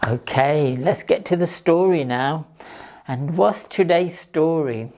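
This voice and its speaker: A woman reading a picture book aloud to children as a library storyteller, in a slow, gentle, clear manner. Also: low voice.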